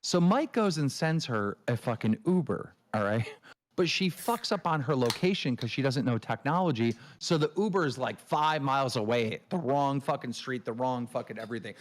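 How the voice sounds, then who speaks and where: A man's voice: expressive, normal speed. Ranting, swearing male streamer. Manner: ranting, swears a lot, mimics people in shrill voices. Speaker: show host. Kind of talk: casual livestream chat.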